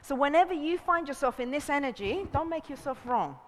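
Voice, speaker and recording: A woman's voice: high voice, brisk. A woman leading a relationships seminar, talking animatedly and acting out voices with frequent laughs. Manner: animated, acts out voices in quotes, laughs often. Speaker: seminar leader. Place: seminar room. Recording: long hall reverb.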